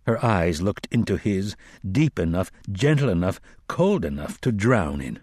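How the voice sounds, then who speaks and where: Man reading a dark novel aloud, real slow, super dry close mic. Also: sits low, sing-song, breathy edge, no room sound. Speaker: audiobook narrator. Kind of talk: scripted narration.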